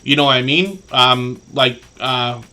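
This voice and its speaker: Bright-voiced man hosting a rambling live stream. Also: medium pitch, measured pace. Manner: rambling, earnest, with many fillers and asides. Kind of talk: casual live stream chat.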